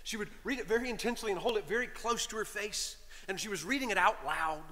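A man's voice: high-pitched, fast, bright, forceful tone, in a large hall. A man preaching a sermon as a priest, telling a story with repeated phrases and asides to the congregation. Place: church.

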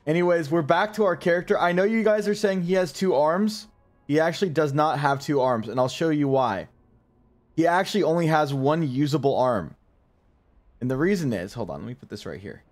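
A man with a highish voice and lively intonation streams live at a fairly quick pace while testing out a voice changer. He jokes around, swears, and talks directly to his chat, with faint music playing behind him.

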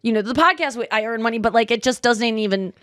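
A woman's voice: a little high, fast, no room sound, clean studio sound. A woman in her thirties hosting a podcast, chatting casually and acting out the voices of the people in her stories. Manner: animated storytelling, acts out quoted voices. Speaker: podcast host. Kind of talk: casual chat.

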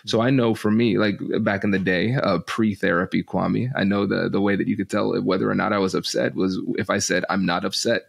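Brief: deep man with gravelly fry, animated explainer, podcast guest. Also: a little fast, hardly any pauses. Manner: animated teacher-like explaining, laughs often. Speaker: guest, negotiation and conflict expert.

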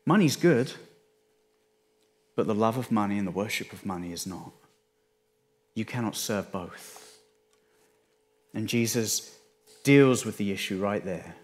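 A man with an English accent, a pastor delivering a sermon in a conversational way, often dropping his voice low for emphasis. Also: unhurried, pauses often. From England. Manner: conversational, restarts phrases, dips quiet for emphasis.

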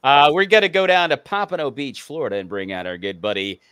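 A man's voice: mid-range voice, sing-song, fast, a bit bright, smooth, no room sound, clean studio sound. A man hosting an online talk show, introducing guests in an upbeat way and often restarting his sentences. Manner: upbeat, repeats words and restarts. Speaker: host.

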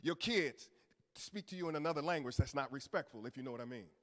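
A male pastor preaching a sermon, moving from low murmurs to shouted peaks, with casual asides and call-and-response to the congregation. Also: fast. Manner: colloquial preaching with church asides. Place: church sanctuary. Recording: long reverb of a church hall.

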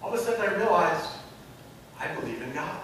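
High-voiced pastor in an echoey church. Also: male voice, lively intonation, fairly quick, slight background noise. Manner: storytelling, builds to loud emphatic peaks. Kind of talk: sermon. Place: church sanctuary. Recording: echoey sanctuary, mic from a distance.

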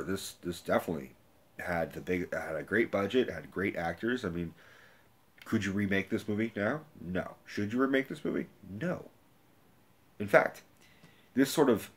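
A young man giving a rambling, profane movie review rant, casual and animated. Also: low-pitched.

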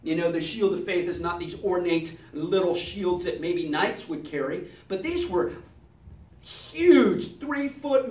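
Animated man teaching Sunday school, echoey room. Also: sits high. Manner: lively, acts out scenes with sound effects and voices. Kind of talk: animated Bible lesson. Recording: echoey room, mic at a distance.

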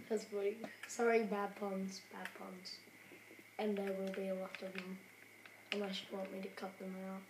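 A woman's voice: mid-range voice, flat delivery, normal speed. A young woman giving casual, rambling, giggly gameplay commentary with self-mocking jokes. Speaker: gamer. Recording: echoey room with clear background noise.

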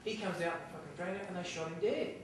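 A man's voice: sits high, rapid-fire. An Australian man in a live audience telling a casual, profane anecdote. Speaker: audience member. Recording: echoey hall from far off, clear noise.

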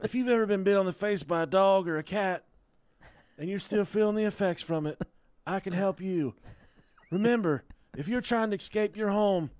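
Man putting on a sleazy lawyer-ad pitchman. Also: a little mellow, no echo, lightly acted. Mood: salesy. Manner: rapid salesy ad patter. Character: fast-talking sleazy male injury-lawyer ad pitchman. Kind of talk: mock TV commercial.

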